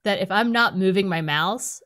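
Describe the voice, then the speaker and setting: Brief: woman podcast co-host, mid-range voice, casual, swears a lot, rants with big pitch spikes. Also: moderate pace, a bit bright. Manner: blunt, profane, ranting with sudden high jumps. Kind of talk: casual chat.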